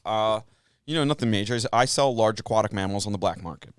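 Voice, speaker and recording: Podcast co-host guy with a lowish voice, dry sound, acts out little scenes as he jokes. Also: quick pace, clean tone, no room sound. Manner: joking storyteller, acts out both sides of exchanges. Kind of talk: casual chat.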